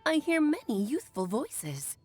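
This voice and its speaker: A woman's voice: sits high, very animated, measured pace, soft background music. A woman voicing a playful, coy witch mother telling an old story in a video game.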